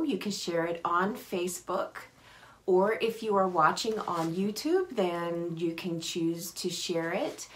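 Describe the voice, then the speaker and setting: A woman's voice: fairly low pitch, vocal fry, fairly bright tone. A woman hosting a live paper craft tutorial, chatting cheerfully and greeting viewers by name. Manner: cheerful, apologetic asides.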